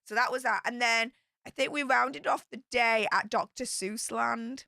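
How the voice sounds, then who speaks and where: Young woman streamer, chatty and excitable; bright, fairly high voice, dry close sound. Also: moderate pace, gravelly, no echo. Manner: chatty and excitable, with bursts of squealing. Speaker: YouTube streamer. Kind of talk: casual livestream storytelling.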